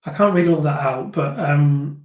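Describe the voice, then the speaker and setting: A man talks through viewer comments on a live stream in a slightly high voice, pausing often and restarting his sentences. He sounds reflective and earnest. The room around him is noticeably echoey. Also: muffled recording. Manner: thoughtful, hesitant, many fillers and restarts. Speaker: host of a live viewer discussion.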